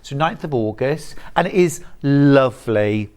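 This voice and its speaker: A presenter on a live shopping channel, speaking slowly and deliberately while gushing over every item. The delivery is chatty and enthusiastic, full of asides, in a mid-range voice. It comes from a TV studio. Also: mid-range voice, expressive, darkish tone.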